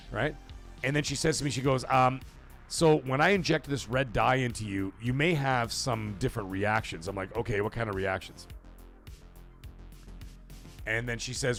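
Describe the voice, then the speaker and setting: A man hosts a casual live stream, swearing freely and telling rambling stories as he reads viewer comments, an animated, profane storyteller. His voice is mid-range with noticeable vocal fry.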